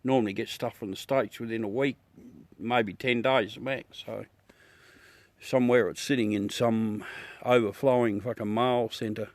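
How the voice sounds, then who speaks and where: A middle-aged Australian man chats with viewers on his livestream in a casual, blunt style, swearing freely and calling everyone mate. His mid-range voice holds a steady tone and moves a little slowly, in a dry recording.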